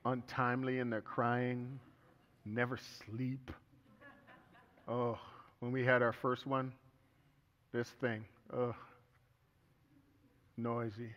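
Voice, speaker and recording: A man's voice: medium pitch, little pitch movement, takes it slowly, pauses often, fairly bright tone. A middle-aged man preaching a sermon as pastor, telling stories with humor and earnest turns. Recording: echoey hall, dull sound.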